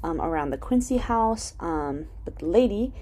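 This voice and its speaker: Woman chatting through a tv episode recap, lots of ums and likes, swears a bit, warm lowish voice. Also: expressive, moderate pace. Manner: chatty, full of "um" and "like", swears freely. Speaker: TV episode reviewer.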